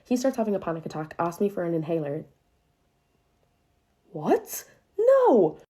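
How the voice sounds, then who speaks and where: A woman's voice: on the low side, rapid-fire. A young woman telling a dramatic personal storytime, swearing often and punching her lines with sudden bursts of emphasis. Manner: expressive, profanity-heavy, dramatic retelling with bursts of emphasis. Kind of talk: storytime monologue.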